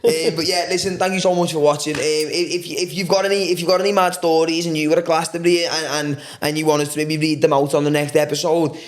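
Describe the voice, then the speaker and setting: Podcast co-host, easygoing and friendly, voice a touch high. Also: male voice, level tone, fast, hardly any pauses. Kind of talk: casual chat.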